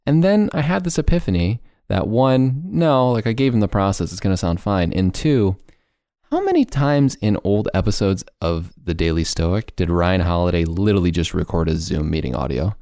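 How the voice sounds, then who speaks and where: A man in his twenties hosts a podcast in loose, jokey conversation, quick to laugh at himself. His voice sits very low but swings up and down with lots of expression. The recording is close and dry. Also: no echo. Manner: animated, joking and laughing. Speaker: podcast host. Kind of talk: casual chat.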